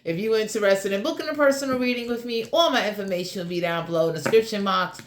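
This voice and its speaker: A woman's voice: mid-range voice, fast talker, echoey room. Blunt, crude-talking tarot reader woman. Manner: blunt, crude and joking, heavy swearing. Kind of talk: casual general tarot reading.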